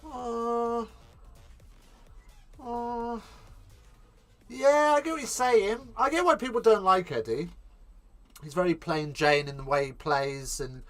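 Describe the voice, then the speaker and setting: Fan commentator, male, English, high voice, shouts on big plays, chatty in lulls. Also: takes it slowly, pauses often, faint music behind. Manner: excitable, rising to shouts on attacks; casual chat reading live chat between plays. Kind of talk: live watch-along commentary.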